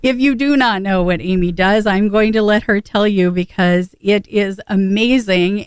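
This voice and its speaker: A woman's voice: medium pitch, smooth, no echo. A woman hosting a radio talk show, chatting casually and emphatically with a guest. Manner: chatty, emphatic, quick asides. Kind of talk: casual interview chat.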